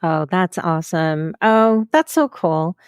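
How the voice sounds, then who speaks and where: A woman's voice: lowish voice, slow, clear, resonant tone, no room sound, studio quality. A woman co-hosting a podcast, chatting with enthusiasm and laughing easily. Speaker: podcast co-host. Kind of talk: casual chat.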